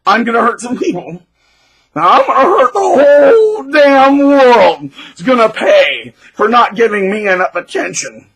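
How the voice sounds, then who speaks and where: A man mimicking a gloating, grandiose narcissist bully who shouts with manic glee. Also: extremely high pitch, very animated, a little slow, pitched above the performer's own voice, full character voice. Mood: manic ranting.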